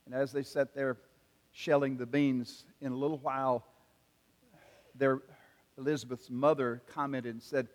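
An older man preaches with earnest, measured pacing and frequent pauses. His mid-pitched voice carries a long reverb from a large hall. He tells stories in the slow, deliberate cadence of a pastor. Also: flat delivery. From South Carolina. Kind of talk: sermon with storytelling.

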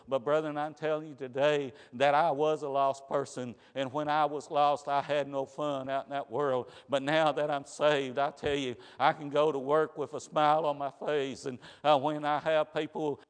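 A man preaches in a church sanctuary, his fairly high voice smooth and clean. He delivers an earnest testimony in a narrow, level pitch. Lines push toward fervent emphasis, and long reverb trails off the walls. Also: flat delivery, normal speed, few pauses. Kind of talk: sermon.

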